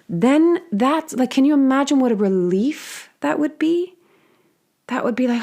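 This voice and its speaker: A woman's voice: high-pitched, animated, a little slow, warm tone. A woman giving a reflective monologue on healing, talking earnestly and casually, with frequent fillers and the odd swear word. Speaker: spiritual healing host.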